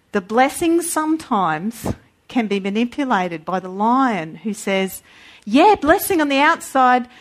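A woman preaching a sermon in an animated way, acting out voices when she quotes. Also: fairly high pitch.

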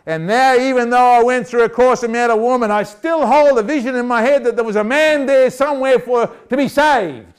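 A steadfast apostle earnestly explains his calling, as a preacher puts him on. The voice sits fairly high and rises with his earnestness. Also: brisk, hardly any pauses, clean tone.

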